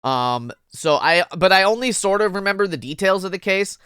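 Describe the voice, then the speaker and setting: A woman's voice: medium pitch, lively intonation, normal speed, fairly bright tone, clean tone, no echo, clean studio sound. A young adult woman streamer chatting playfully with viewers during a casual game stream.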